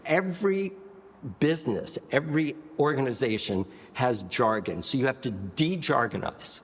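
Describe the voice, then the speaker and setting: A man teaching public speaking to camera, with a demonstrative, deliberate delivery that shifts pace and pitch and leans on pauses. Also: expressive, slightly rough, long reverb tail. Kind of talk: instructive talk to camera.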